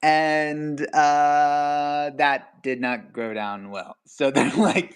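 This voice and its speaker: A young man telling a story in casual chat, animated, laughing as he goes and acting out quotes with sudden jumps in pitch. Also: extremely slow, smooth.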